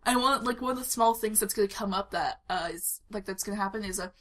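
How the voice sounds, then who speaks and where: A woman's voice: medium pitch, fast, fairly bright tone. A woman on a tabletop game podcast, talking casually and at length about her character, with frequent giggles. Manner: rambling and giggly, explains at length. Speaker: player introducing her character.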